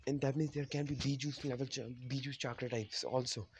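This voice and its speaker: A man's voice: medium pitch, level tone, brisk, slight background noise. A man casually telling a fan-fiction story in a rambling, self-correcting way.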